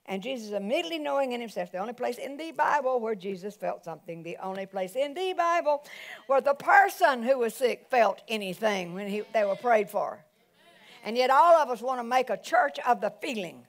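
Woman pastor, lively sermon delivery, slightly high voice, calls out often. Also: a little fast. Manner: animated preaching with exclamations.

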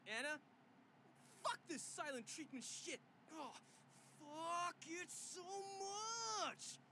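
Einen gekränkten jungen Freund, der schmollend eine Sprachnachricht hinterlässt. Hohe, sprunghafte Stimme, hinter der deutliches Rauschen liegt. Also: male voice, very high voice, sing-song, slow pace, noisy background, full character voice. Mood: huffy. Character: annoyed young boyfriend leaving a voicemail.

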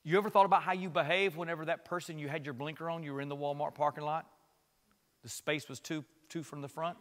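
A man preaching a sermon as pastor, switching between loud impassioned passages and quiet conversational asides, with repeated phrases. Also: a little high, fairly even intonation, fast, big-room sound.

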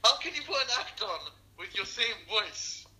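A man's voice: high voice, big pitch swings, moderate pace, bright, forceful tone. A man chatting on a phone call with a friend, blunt and teasing. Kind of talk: casual phone chat.

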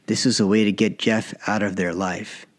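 Low-voiced man narrating a story. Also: level tone, normal speed. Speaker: author and narrator. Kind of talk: scripted audiobook narration.

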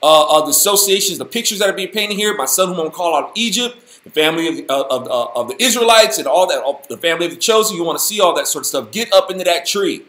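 A man hosting a casual Bible study, talking in an animated, folksy, slangy way. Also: a little high, fast, hardly any pauses, roomy sound. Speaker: host, Bible teacher.

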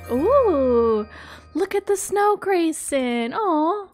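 A young woman giving bubbly, excitable role-play game commentary, gasping often. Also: high-pitched. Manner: bubbly and excitable, frequent gasps. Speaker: gaming YouTuber.

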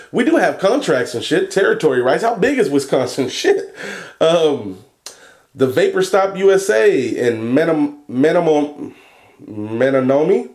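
A young man talking casually in a vlog, cursing and joking as he reads a long list of shout-outs and stumbles over place names. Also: a little high. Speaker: vlogger and e-liquid maker.

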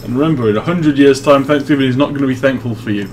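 A man's voice: mid-range voice, very fast, slight background noise. A young man hosting a casual session, reading absurd script narration dryly and laughing often. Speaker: host.

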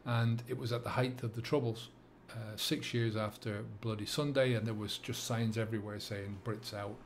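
A middle-aged man with a Dublin accent, talking to camera as a sobriety coach, earnest and halting with many fillers and restarts. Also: on the low side, steady tone, a little hiss or hum. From England and Ireland. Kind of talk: reflective monologue to camera.

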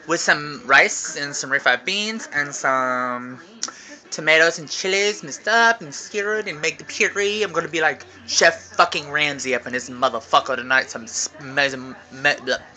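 A man's voice: fairly high pitch, normal speed, sharp tone. A man chatting in a casual, rambling vlog from home into his phone, talking while chewing candy. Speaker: vlogger. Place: at home, indoors. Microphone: phone camera.

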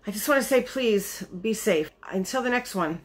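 A woman's voice: mid-range voice, lively intonation, normal speed, rough recording. A woman beauty vlogger, chatting casually to camera in a rambling way with frequent restarts.

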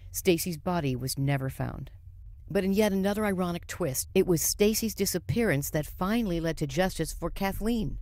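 A middle-aged woman hosting a true-crime podcast, narrating cases with crisp emphasis and interviewing guests. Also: deep voice, darkish tone, no room sound. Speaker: podcast host.

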